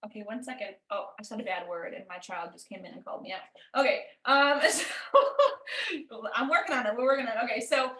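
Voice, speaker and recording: Bubbly woman with a slightly high voice. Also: animated, a little fast, sharp tone, reverberant. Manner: bubbly, laughing, storytelling. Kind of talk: casual chat on a group call.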